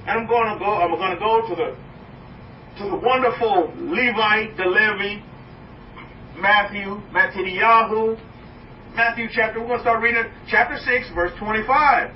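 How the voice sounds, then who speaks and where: A man preaching a sermon as a rabbi, animated, swinging high and low, now chanting, now laughing along with his point. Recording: echoey room, mic at a distance, dull sound, faint noise.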